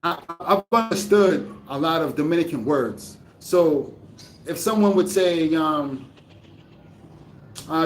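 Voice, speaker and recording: A man's voice: on the high side, measured pace, slight background noise. A man in a casual vlog, reflecting to camera with many fillers and restarts; he is from the United States. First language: English. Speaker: vlogger.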